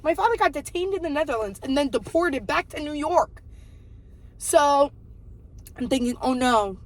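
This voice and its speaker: A woman's voice: high-pitched, animated, moderate pace, rough recording. A woman of twenty-eight, telling a rambling story in casual vlog chat, full of likes and ums. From New Jersey. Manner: chatty, rambling, lots of "like" and "um". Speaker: vlogger.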